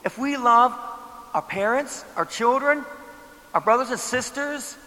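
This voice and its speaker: A man's voice: very high-pitched, expressive, unhurried, pushed and bright, big-room sound. A man preaching a sermon as pastor, talking conversationally and putting rhetorical questions to the congregation.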